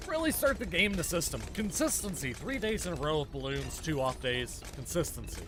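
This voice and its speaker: A man's voice: fairly high pitch, very animated, brisk. A man streaming a game, chatting casually with viewers in a joking, sarcastic way. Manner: joking, sarcastic, talks to chat while playing. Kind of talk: casual gaming stream chat.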